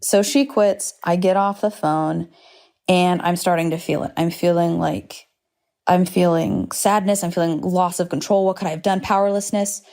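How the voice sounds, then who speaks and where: A woman's voice: lowish voice, fairly even intonation, normal speed, gravelly, warm tone. Candid rambling woman podcaster. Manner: candid, rambling, swears freely, self-deprecating. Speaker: podcast host. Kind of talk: solo podcast monologue. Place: home, indoors.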